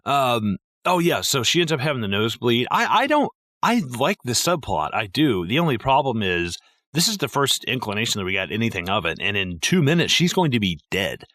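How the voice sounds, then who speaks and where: A man's voice: medium pitch, very animated, brisk, bright, forceful tone, no echo. A man co-hosting a podcast, talking casually and profanely about a film with lots of fillers. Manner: rambling and profane, with many fillers. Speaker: podcast co-host. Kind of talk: casual movie-review chat.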